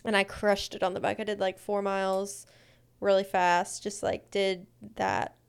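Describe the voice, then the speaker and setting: A woman co-hosting a casual podcast, rattling off a lively personal story with plenty of "like". Her voice is smooth and clear, at a middling pitch. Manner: animated, fast anecdotes full of "like". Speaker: podcast co-host.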